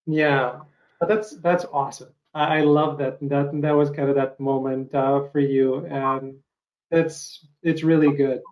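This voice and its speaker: A man hosting an interview, speaking in a halting, encouraging way. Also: medium pitch, steady tone, a little mellow. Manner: halting, encouraging, many restarts. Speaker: interviewer, host. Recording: muffled, roomy.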